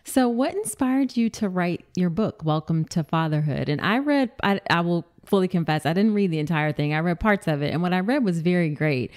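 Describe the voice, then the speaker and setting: A woman's voice: on the low side, expressive, fairly quick, few pauses, a little mellow. A woman hosting a podcast interview, friendly and affirming, asking open questions of her guest. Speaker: podcast host. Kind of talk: casual interview conversation.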